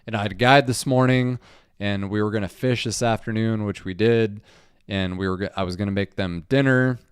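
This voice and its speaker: A man's voice: on the low side, fairly even intonation, brisk, clean tone, no echo, studio quality. A man who guides fishing trips hosts a casual live stream, reading viewer comments aloud in a laid-back way, swearing freely. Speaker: fishing guide and channel host.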